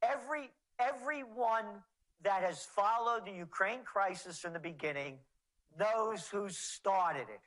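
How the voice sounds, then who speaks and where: Sarcastic guest ranting slow, bright sharp voice. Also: male voice, high-pitched, lively intonation, low-quality recording. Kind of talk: interview.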